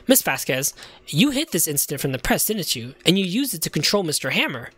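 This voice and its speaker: A man's voice: fairly high pitch, very animated, fairly quick, a bit bright, breathy edge, no echo, heavily acted. A man voicing an earnest young male defense lawyer in a video game, firm and accusing.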